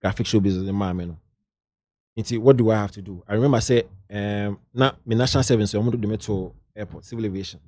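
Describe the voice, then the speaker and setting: Guest, Ghanaian man, middle-aged, anecdotal and lively, dry room sound. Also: lowish voice, quick pace, dry recording. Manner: lively anecdotal, drifts into local slang. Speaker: guest, entertainment journalist. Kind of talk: casual interview storytelling.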